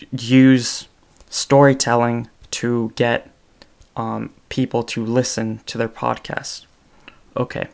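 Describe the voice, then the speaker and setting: Smooth and medium-pitched, a young adult man's voice fills his solo podcast. The talk is off the cuff and unscripted, with him musing aloud and correcting himself along the way.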